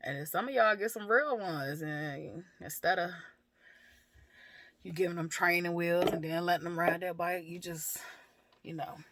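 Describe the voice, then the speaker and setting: A woman's voice: on the low side, normal speed, fairly bright tone. A woman vlogger and mother talking frankly about her life and parenting, laughing often and swearing freely, with many fillers. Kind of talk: candid personal talk to camera.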